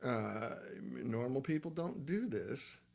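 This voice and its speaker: A man's voice: mid-range voice, animated, takes it slowly, creaky. A middle-aged man hosting a casual livestream, talking in a loose, rambling, self-deprecating way. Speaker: livestream host, amp builder.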